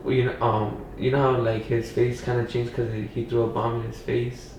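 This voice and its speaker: A man's voice: medium pitch, little pitch movement, a little fast, background noise. A young man from Los Angeles, a podcast guest telling a story in a rambling way, full of "you know" and "like". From Pacoima, Los Angeles. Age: young adult. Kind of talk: casual storytelling. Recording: echoey room, mic far off.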